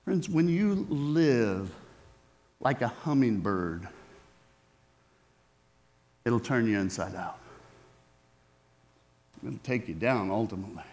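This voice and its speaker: A man's voice: medium pitch, lively intonation, takes it slowly, long pauses, darkish tone. A male preacher giving a sermon in a conversational way, often asking his listeners questions. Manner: conversational, asks the audience questions.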